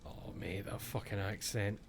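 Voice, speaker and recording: A man's voice: lowish voice, steady tone, normal speed, slight background noise. Sweary Scottish man streaming a horror game. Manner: jokey and sweary, reads game text aloud. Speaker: let's-play streamer. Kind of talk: casual gameplay commentary.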